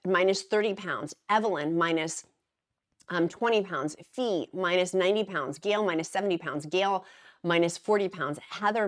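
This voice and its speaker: A middle-aged woman vlogger talking casually to camera, chatty and giggly, warm and encouraging as she reads out names. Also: on the low side.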